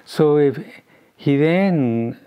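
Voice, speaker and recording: An older man from Scotland telling a family story in an oral history interview, halting and rambling with frequent restarts. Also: a little high, clean tone, dull audio.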